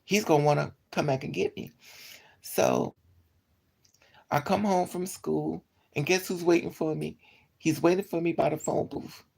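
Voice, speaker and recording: Low raspy gravelly woman spinning a story, voice jumps all over the place, swears a lot. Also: moderate pace. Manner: animated, swings into high yelps for quoted lines; profane, slangy and blunt. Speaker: streamer telling a personal story. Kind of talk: casual storytelling.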